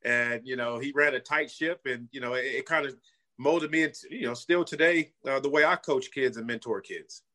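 Earnest and casual, this former football player, a middle-aged man from California, recounts his past while peppering his speech with "you know" and "man." He has a bright, forward tone at an everyday pitch and talks at normal speed.

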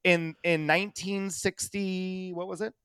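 Man, podcast co-host, sardonic, rambling, smooth voice, dry sound. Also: high-pitched, level tone, unhurried, bright, forceful tone, dry recording. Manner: sardonic, rambling with many fillers. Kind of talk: casual podcast chat.

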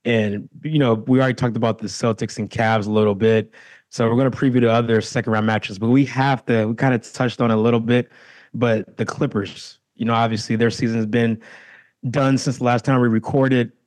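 A man co-hosting a casual sports podcast. He talks in a steady, agreeable, analytical way. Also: mid-range voice, a little fast. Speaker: podcast co-host.

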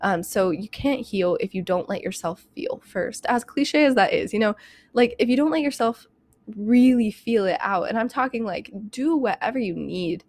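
Young woman podcaster rambling fast, like like like, kinda breathless, dead dry sound. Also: fairly high pitch, lively intonation, a little mellow, dry recording. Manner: rapid, chatty, heavy use of "like" and "you know", candid and emphatic. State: a bit out of breath. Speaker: podcast host. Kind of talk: casual self-help podcast monologue.

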